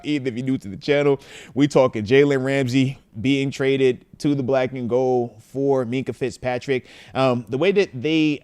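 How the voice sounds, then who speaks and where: A man in his thirties hosting a casual livestream from home, animated as he reads out fan messages. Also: medium pitch, clean tone, no echo. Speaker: host.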